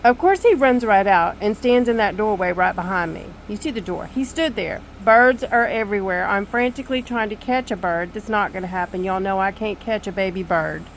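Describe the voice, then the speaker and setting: An older woman telling a story to camera on her screened back porch, animated, exasperated and poking fun at herself. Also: medium pitch, brisk, few pauses, a little hiss or hum, rough recording. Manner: animated, exasperated, self-mocking. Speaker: vlogger.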